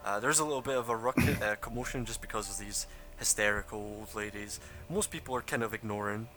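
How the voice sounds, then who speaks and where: A man's voice: on the low side, fast talker, sharp tone, soft background music. Laughing, rambling male game master. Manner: rambling, laughing, many fillers. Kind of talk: narrating a tabletop game.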